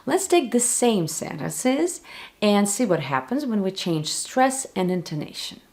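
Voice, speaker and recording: A woman with a Russian accent, a native Russian speaker, teaching the language to viewers slowly and clearly, with playful spoken examples. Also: mid-range voice, very animated, darkish tone. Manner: slow, clear, playful demonstrations. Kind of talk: explaining to viewers.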